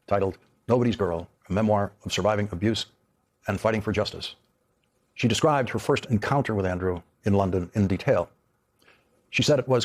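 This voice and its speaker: A man hosting a television news program, delivering an emphatic, pointed monologue. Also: fairly low pitch. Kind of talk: broadcast monologue.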